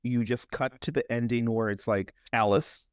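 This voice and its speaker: A young man co-hosting a horror podcast, recapping a movie in a casual, animated way, joking and laughing. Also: mid-range voice, moderate pace, clear, resonant tone, no echo, clean studio sound. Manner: animated storyteller, jokes and laughs. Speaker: podcast co-host.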